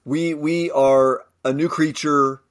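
A man co-hosting a Bible discussion podcast, thoughtful and halting, reading scripture aloud. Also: fairly high pitch, steady tone. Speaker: podcast co-host.

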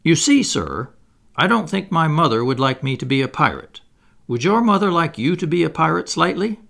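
A man voicing a careful, well-mannered young boy from a storybook. The voice is lifted high and moves a lot, with a bit of gravel underneath from the reader. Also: very animated, normal speed, a bit bright, exaggerated voice. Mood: polite, careful. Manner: polite, careful, hysterical when roused. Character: polite, somewhat silly young boy. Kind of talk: audiobook character reading.

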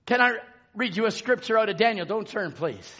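A man preaching a sermon in drawn-out emphatic phrases, rising to shouts and dropping to hushed asides. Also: sits high, expressive. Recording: dull lo-fi sermon recording.

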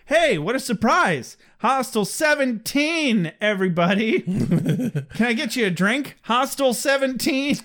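A man voicing a boastful, insecure young man in a mocking, raised-pitch impression. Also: animated, unhurried, fairly bright tone, full character voice. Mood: showing off.

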